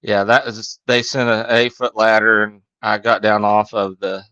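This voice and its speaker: A man's voice: lowish voice, level tone, normal speed, bright, forceful tone, no room sound. A man co-hosting a casual podcast, telling a work story with self-deprecating wry humor. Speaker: podcast co-host, HVAC technician. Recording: dull, dry lo-fi audio.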